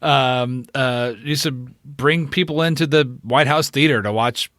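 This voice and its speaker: A laid-back male podcast co-host who laughs easily and chimes in with quick yeps. His voice sits at an ordinary male pitch and is recorded dry and close, with no room echo. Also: fairly bright tone. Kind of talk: casual podcast chat.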